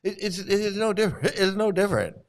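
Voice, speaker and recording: A man's voice: high voice, animated, fast talker. Mocking, rambling male commentator. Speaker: online commentator. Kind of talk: critical commentary rant.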